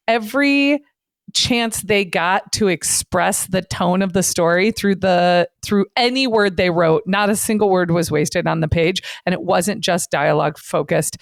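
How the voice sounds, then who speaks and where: Woman podcast co-host, mid-pitched, chatty and rambling, dry close sound. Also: dry recording. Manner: animated, rambling, quick to laugh. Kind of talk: casual chat.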